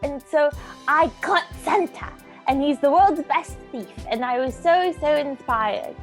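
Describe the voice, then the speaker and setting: A woman with a high voice telling her character's story in a tabletop game. She talks slowly and haltingly, with lots of ums and small laughs, and faint music sits behind her. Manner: hesitant, giggly, full of ums. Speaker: player.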